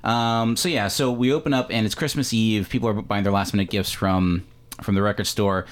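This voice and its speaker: Low-voiced man rambling about movies. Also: steady tone, brisk. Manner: rambling, many fillers and self-corrections. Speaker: podcast host. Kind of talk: casual movie discussion.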